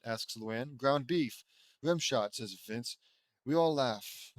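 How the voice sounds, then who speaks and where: The recording is dry as a mid-pitched man performs a sarcastic dramatic reading of fan fiction for laughs. Exasperated comments and quick mocking impressions punctuate his delivery.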